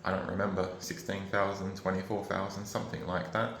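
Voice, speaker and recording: Australian man, low-pitched, rambling and frustrated personal vlog, roomy echo with faint ambience behind. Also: completely flat delivery, a little fast, fairly bright tone, slight background noise. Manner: rambling, frustrated, emotional, swears. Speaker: vlogger. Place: at home, indoors.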